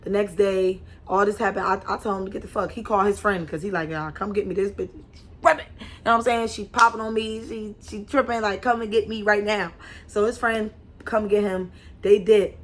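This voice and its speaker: Young woman vlogger, casual animated storytelling, slangy. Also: medium pitch, brisk. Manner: animated, slangy, repeats and restarts often.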